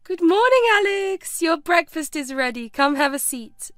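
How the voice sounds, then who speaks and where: A woman voicing a warm, friendly housekeeper in a storybook, speaking with a cheerful greeting. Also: very high voice, lively intonation, a little slow, dry recording, clean studio sound, pitched above the performer's own voice.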